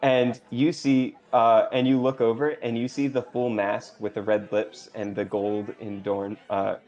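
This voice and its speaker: A man's voice: medium pitch, flat delivery, unhurried, darkish tone. A man narrating a tabletop game as game master, hesitant and full of fillers. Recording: dull lo-fi stream audio with faint music.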